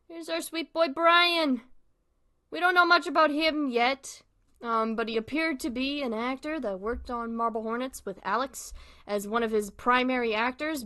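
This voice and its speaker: A woman's voice: a little high, a bit bright. A woman hosting a live stream, chatting casually, giggling and apologizing a lot as she comments on videos. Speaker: stream host.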